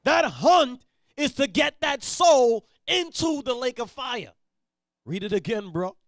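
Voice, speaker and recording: Blunt high-voiced man preaching hard. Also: sing-song, slow, gravelly, no room sound, studio quality. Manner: blunt, preachy, swings from mutters to shouts. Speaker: teacher leading a Bible reading. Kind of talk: street-style Bible teaching.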